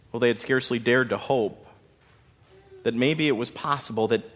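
A male storyteller narrates with dramatic, expressive delivery and folksy asides. He takes his time, and his pitch swings widely. A long hall reverb trails after each phrase.

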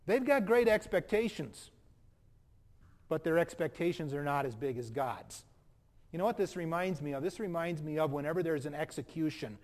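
A man preaching a sermon from the pulpit, animated, acting out the quoted lines as he goes. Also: on the high side. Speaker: pastor.

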